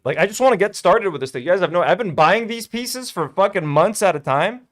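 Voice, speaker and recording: Chatty young man with a lively pitch. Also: brisk. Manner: chatty and self-delighted, many fillers. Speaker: toy-building channel host. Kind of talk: casual hobby vlog narration.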